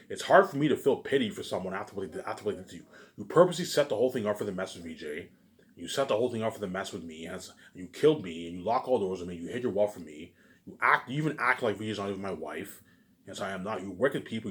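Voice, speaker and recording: Fast-talking, ranting low-voiced man. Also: a bit bright. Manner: repetitive, keeps adding "obviously" and "you know what I'm saying"; boastful, ranting. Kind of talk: rambling monologue.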